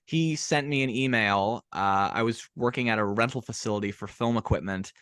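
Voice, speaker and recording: A man's voice: lowish voice, normal speed, a bit bright, clean tone, no room sound. Chatty male podcast host, dry sound. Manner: chatty, storytelling with jokes. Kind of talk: casual interview chat.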